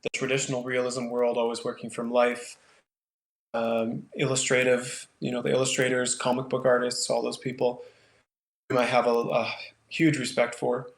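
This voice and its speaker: A man's voice: medium pitch, monotone, moderate pace, creaky, echoey room. A man, a painter from Canada, talking casually in an interview and thinking aloud with lots of fillers. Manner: thoughtful, rambling with many fillers. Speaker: painter, guest.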